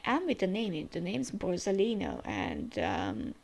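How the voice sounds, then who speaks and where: Sex: woman. Role: manga reaction host. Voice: gravelly with vocal fry, lively intonation. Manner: chatty, musing, hesitant. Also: on the low side, measured pace. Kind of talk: casual manga reaction commentary.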